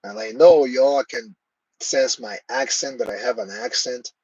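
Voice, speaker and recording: A man's voice: medium pitch, unhurried, darkish tone, husky, no echo, muffled recording. A man hosting a live stream, chatting casually and answering viewers' comments by name.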